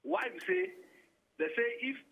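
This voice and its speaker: A man's voice: very high-pitched, very animated, unhurried, creaky, a bit bright. A Nigerian man calling in to a talk show, agitated and throwing out rhetorical questions. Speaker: phone-in caller. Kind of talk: phone-in argument. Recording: tinny phone line.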